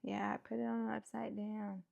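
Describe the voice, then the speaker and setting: A woman's voice: mid-range voice, level tone, normal speed, vocal fry, darkish tone, highs cut off. A woman at home chatting casually while building a toy kit, rambling with lots of fillers and self-talk, laughing often. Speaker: host.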